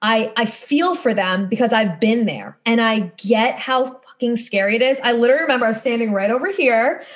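A woman in her thirties, a podcast host and course coach, delivers a casual monologue in a fairly high voice at a slightly fast clip. She's blunt and emphatic and swears casually.

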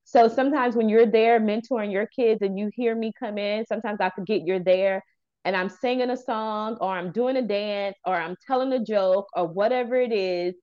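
A woman's voice: medium pitch, normal speed, lo-fi sound. A woman in her thirties, a youth center founder and therapist, telling a heartfelt personal story in an interview. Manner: earnest, animated storyteller acting out quoted dialogue.

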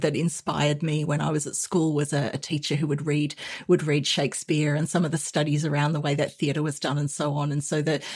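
A woman's voice: deep voice, breathy edge. A middle-aged Australian woman with an Australian accent, a podcast guest chatting casually, laughing often and restarting her sentences. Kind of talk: casual interview chat.

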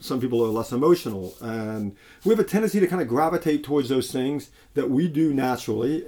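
A man's voice: mid-range voice, dark tone. A man preaching a sermon in a conversational way, with frequent restarts and fillers.

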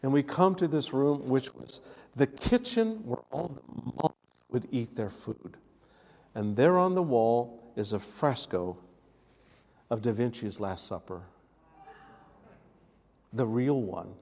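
A man's voice: mid-range voice, measured pace, creaky, pauses often, a little mellow. A man preaching a sermon, telling a story and drawing responses from the congregation. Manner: storytelling, calls for audience responses. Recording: long hall reverb.

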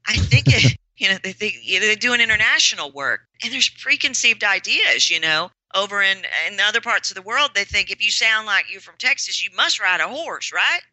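A woman's voice: mid-range voice, expressive, brisk, bright, forceful tone, no echo, poor audio. A woman voice coach answering podcast interview questions, emphatic and repeating words for stress. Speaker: voice and presentation coach.

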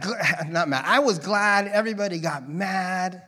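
Male preacher, a touch higher-pitched, loose and conversational, prone to jokes and rambling tangents in a church setting. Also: a little slow, sharp tone. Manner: rambling, joking, drifting into tangents. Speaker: guest preacher. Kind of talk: casual conversational sermon. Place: church, in front of a congregation.

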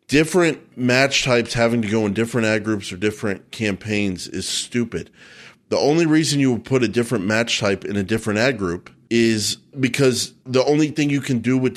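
A man from Oklahoma co-hosting a casual show, giving blunt and emphatic opinions with playful mockery. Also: lowish voice. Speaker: co-host and expert.

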